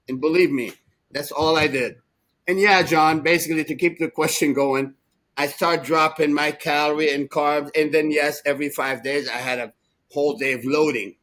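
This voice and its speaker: A man in his sixties telling rambling, animated stories as a podcast co-host, laughing often. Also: a little high, moderate pace, rough recording. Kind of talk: casual storytelling chat.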